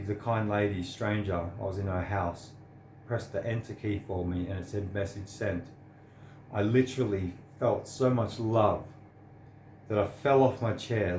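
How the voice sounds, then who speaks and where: A man in his 30s, a vlogger, delivers an earnest, sincere, somewhat preachy personal monologue to the camera. His voice is on the low side and darkish, recorded with a roomy sound and a little hiss or hum.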